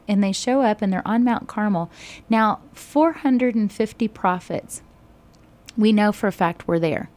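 A woman teaching a Bible study, retelling scripture in conversation with sudden animated bursts. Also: mid-range voice, a little slow.

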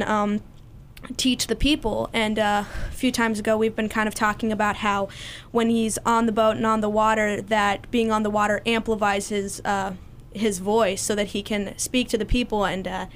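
With a medium-pitched voice and a little background noise, a young woman shares a passage at Bible study. Her casual retelling of the story is full of fillers and false starts.

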